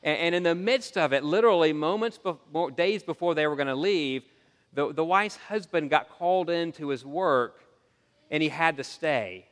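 A man preaches to his congregation with earnest, animated storytelling and a slightly high voice. His words ring out with a long reverb from a large hall. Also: moderate pace. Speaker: pastor. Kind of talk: sermon.

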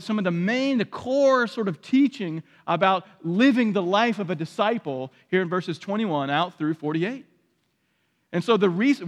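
A man preaching a sermon as pastor, emphatic and repeating his key phrases, often climbing to loud peaks. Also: high-pitched. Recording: long hall reverb.

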